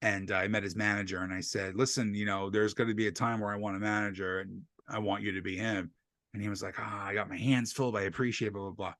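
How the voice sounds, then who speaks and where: A man from New Jersey, a stand-up comedian, speaks fast in a lowish voice while telling stories on a casual podcast. He's profane and lively, acting out other people's words. The studio-quality recording from a desk USB mic has no echo.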